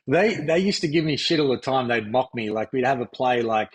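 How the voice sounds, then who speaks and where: A husky-voiced Australian man in his fifties talks as a podcast guest about his playing days. His pitch sits in the middle range, and his delivery is relaxed and rambling, with plenty of fillers. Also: a little fast. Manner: easygoing, reminiscing, frequent fillers. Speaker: guest, former pro basketball player. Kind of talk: relaxed interview chat.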